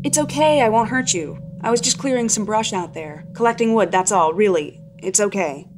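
A woman voicing a burly adult male woodcutter who hurriedly tries to calm two frightened girls in a spoken horror story. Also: mid-range voice, normal speed, faint music behind, natural voice. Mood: reassuring.

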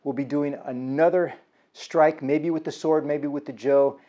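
Male aikido instructor, energetic and encouraging, slightly high and warm-toned. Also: measured pace, highs cut off. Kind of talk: instructional vlog.

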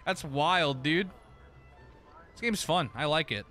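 A man's voice: high-pitched, animated, unhurried, long pauses, music in the background. A man streaming a game, giving casual commentary, laughing often and swearing casually.

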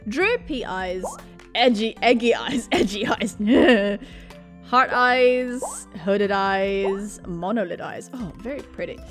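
A woman's voice: mid-range voice, expressive, takes it slowly, over music. A young woman giving casual, gushing commentary on a video game she plays, bubbly and often giggling. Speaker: let's play gamer.

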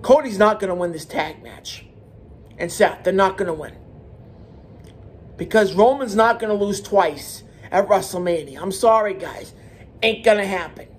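A man's voice: high voice, animated, normal speed, a little hiss or hum. Man ranting, hammering the same point. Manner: repetitive, emphatic, heated; restarts and repeats words. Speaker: wrestling commentary channel host. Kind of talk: solo wrestling opinion rant.

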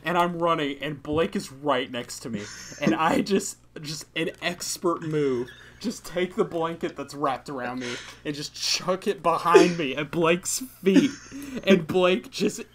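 A young man hosting a podcast, telling a story in casual chat, animated and laughing, full of fillers. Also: a little high, unhurried. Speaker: podcast host.

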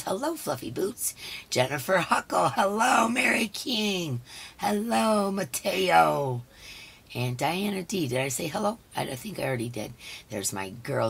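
A hoarse woman hosting a casual live stream. She chats along and greets each viewer by name. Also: fairly low pitch, fairly bright tone. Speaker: livestream host.

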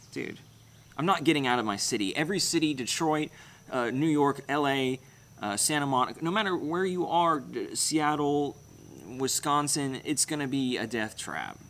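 In a casual livestream, a young channel host rambles bluntly through viewer comments and swears freely. His mid-range voice is a bit bright and has lively intonation, and he talks a little slowly.

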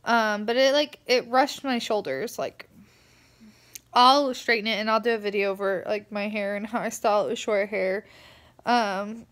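A woman's voice: mid-range voice, fairly even intonation, moderate pace, fairly bright tone. A tired young woman, rambling through a casual vlog rant full of fillers. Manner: chatty, rambling, lots of "like" fillers. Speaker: vlogger.

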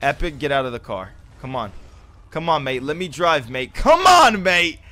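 A man with a lisp, a game streamer yelling and swearing in bursts of rage during live gameplay commentary, on a cheap mic that cuts out when he gets loud. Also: mid-range voice, normal speed. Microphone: cheap mic that cuts out on loud shouts.

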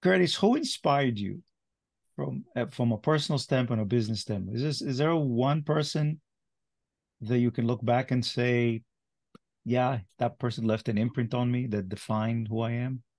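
A man hosting an interview, asking casual, halting questions. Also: mid-range voice, a little mellow, dry recording. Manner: casual, hesitant questioning with restarts. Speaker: interview host.

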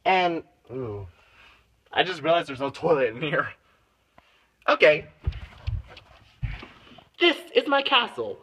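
A man's voice: on the high side, wildly swooping pitch, slow pace, pauses often, bright, forceful tone, a little hiss or hum. A man filming a playful parody home tour on his phone, grumbling in mock complaint and slipping into silly exaggerated voices. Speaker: vlogger. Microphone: phone camera.

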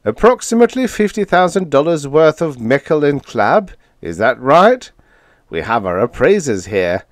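A man's voice: fairly high pitch, very animated, normal speed, no room sound, pitched above the performer's own voice. A man voicing a hearty, pompous company boss who chortles as he talks.

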